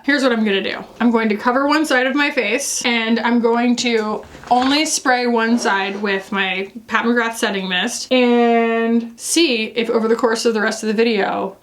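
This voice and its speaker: A woman's voice: fairly high pitch, normal speed. A woman from Florida chatting casually in a makeup vlog, playful and full of fillers and jokey asides as she reviews beauty products. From Florida, USA.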